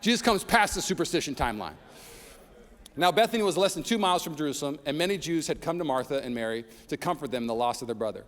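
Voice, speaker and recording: A man's voice: on the high side, expressive, fast talker. A man preaching a sermon as pastor, reading scripture and telling personal stories with humor and rising intensity. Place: church sanctuary. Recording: long reverb of a large hall.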